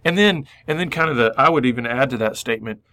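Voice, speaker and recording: A man's voice: mid-range voice, animated, fast, sharp tone, no room sound. Radio co-host guy getting emotional, lots of restarts, dead dry sound. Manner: emotional, searching, many restarts. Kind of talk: reflective conversation.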